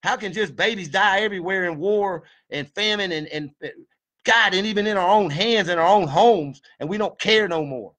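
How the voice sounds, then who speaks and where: A man's voice: sits high, moderate pace, a bit bright. A man giving a fired-up, preachy monologue, folksy and full of swearing. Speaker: video commentator. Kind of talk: impassioned monologue.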